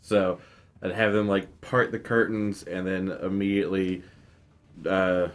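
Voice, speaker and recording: Brief: a low-voiced male player, casual and halting. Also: flat delivery. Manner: halting, searching for words. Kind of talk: casual tabletop game play.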